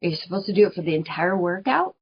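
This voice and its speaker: A woman with a slightly low voice talks through a spiritual coaching monologue on her podcast. She is chatty and earnest, laughs often and repeats phrases for emphasis. The recording sounds dull and lo-fi. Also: expressive, fast talker, breathy edge. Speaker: podcast host.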